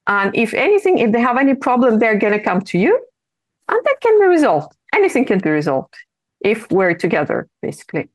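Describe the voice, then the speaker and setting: A woman with a Ukrainian accent, a volunteer guest speaking in a podcast interview, measured and hesitant with frequent fillers. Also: on the high side, sing-song, no room sound.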